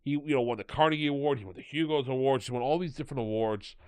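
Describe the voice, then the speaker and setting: A man co-hosting a podcast in casual chat, ranting in an animated, exasperated way. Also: mid-range voice, racing, clear, resonant tone, dry recording. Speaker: podcast co-host.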